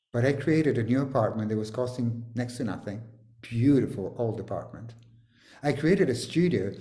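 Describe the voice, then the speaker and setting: Brief: male facilitator on a video call, lively teasing delivery, roomy echo. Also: medium pitch. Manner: animated, swearing, joking and teasing. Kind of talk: energetic coaching talk on a video call.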